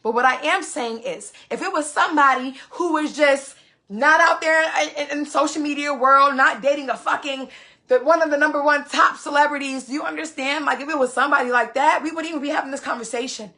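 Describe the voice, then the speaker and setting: A woman's voice: high-pitched, fairly quick, pushed and bright. A woman vlogger venting to her viewers in heated casual talk, cursing freely and repeating phrases for emphasis.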